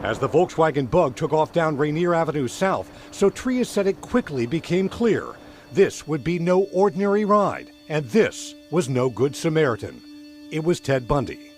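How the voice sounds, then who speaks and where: A man's voice: on the high side, big pitch swings, darkish tone, faint music behind. Man narrating a crime news story. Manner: measured, dramatic storytelling delivery. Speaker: TV news reporter.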